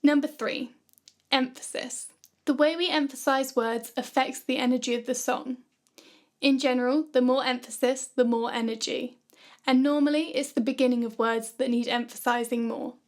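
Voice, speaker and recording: A woman narrating a scripted music production tutorial in a calm, clear, instructive way. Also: high voice, moderate pace.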